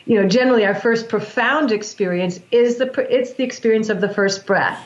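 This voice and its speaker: Higher-voiced woman explaining breathwork. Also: echoey room, muffled recording. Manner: calm, measured explaining with frequent restarts. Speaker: breathwork practitioner. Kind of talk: explanatory interview talk.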